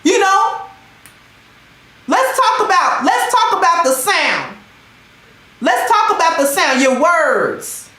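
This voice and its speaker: Woman streamer, very high and lively voice, loud and emphatic, slangy, in an echoey room. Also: slow. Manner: reads out and thanks chat commenters. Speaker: livestream host. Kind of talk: loud emphatic livestream commentary.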